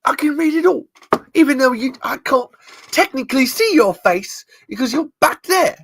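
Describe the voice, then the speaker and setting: An intense male lie-reading expert rants and accuses. The voice sits far higher than his own and swings wildly up and down. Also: animated, normal speed, fairly bright tone, exaggerated voice. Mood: accusing. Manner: ranting, accusing, high-strung.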